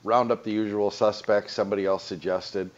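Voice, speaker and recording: Low-voiced male radio host, lo-fi. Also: fairly even intonation, brisk. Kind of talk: casual talk radio chat.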